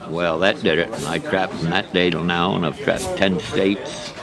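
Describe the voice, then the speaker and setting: An older man recounts his trapping life in a relaxed, folksy way, often opening with "well". His voice sits very low with a rough, gravelly fry. A busy crowd chatters behind him at an outdoor gathering. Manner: folksy, unhurried, starts sentences with "well". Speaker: fur trapper interviewed. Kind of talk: interview storytelling.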